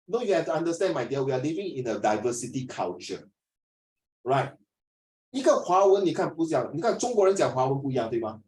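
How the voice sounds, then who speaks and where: A middle-aged man with a Malaysian English accent teaching an English lesson, lively and lecturing, mixing in Mandarin. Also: mid-range voice, brisk, reverberant, low-quality recording. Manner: animated, switches between English and Mandarin, lectures and acts out scenes. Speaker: English tutor. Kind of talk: classroom lesson.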